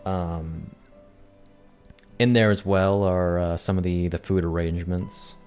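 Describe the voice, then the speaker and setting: A man narrating as game master of a tabletop game, halting with many fillers, over faint music. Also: low voice, fairly even intonation, a little mellow, clean tone.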